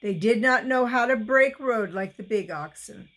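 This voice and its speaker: A woman reading a children's novel aloud, slowly and deliberately, with small slips. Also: fairly high pitch, lively intonation, a bit bright, poor audio. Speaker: reader.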